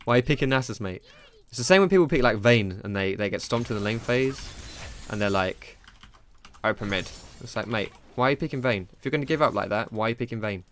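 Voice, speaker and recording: A man's voice: mid-range voice, expressive, fast talker, a bit bright, a little hiss or hum. A young man commentating his own gameplay live, self-critical and rambling, with casual slang and swearing. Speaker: gaming streamer.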